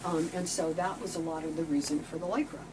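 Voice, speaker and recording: A woman in her late sixties, a guest telling chatty, animated stories about her past work. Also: sits low, fast talker. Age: 60s. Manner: chatty, animated, acts out quoted voices. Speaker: interview guest, former visual merchandiser. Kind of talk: casual storytelling chat. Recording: distant mic with clear background noise.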